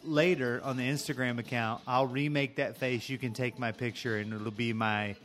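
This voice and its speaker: A man's voice: mid-range voice, fairly even intonation, moderate pace, fairly bright tone. A man co-hosting a podcast, chatting casually about albums in a joking, rambling way that trails off mid-thought. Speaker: podcast co-host. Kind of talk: casual chat reviewing albums. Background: faint music playing.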